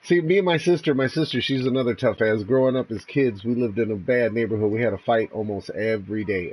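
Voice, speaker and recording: A man's voice: medium pitch, fast talker, few pauses, a little mellow, breathy edge, rough recording. A laid-back man chatting on a livestream while fishing outdoors, laughing and swearing casually as he tells stories and greets viewers. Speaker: streamer.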